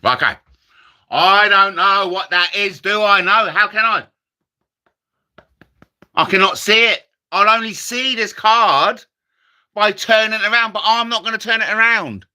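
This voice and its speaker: A man's voice: high-pitched, measured pace, pauses often, sharp tone. A man doing comic card-trick patter as a magician, self-mocking and chatty with the audience. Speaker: comedy magician.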